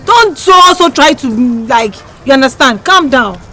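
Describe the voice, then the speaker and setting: A man's voice: very high voice, lively intonation, moderate pace, pushed and bright, heavily acted. Man playing a Ghanaian friend, reassuring, repetitive, Pidgin English. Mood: soothing. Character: friend calming a worried wife. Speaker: consoling friend. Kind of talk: Ghanaian comedy film acting.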